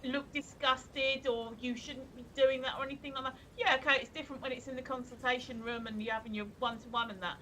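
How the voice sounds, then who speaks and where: A woman's voice: high voice, little pitch movement, quick pace, hardly any pauses, pushed and bright, rough recording. A woman co-hosting a live stream, talking in a chatty, rambling way full of fillers and restarts. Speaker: co-host of a live stream show. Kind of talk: casual live-stream chat. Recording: faint background noise.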